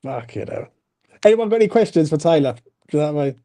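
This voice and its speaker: A man's voice: on the high side, lively intonation, quick pace, crowd noise. A man hosting a casual football chat stream, laughing, swearing and full of slang. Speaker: podcast host.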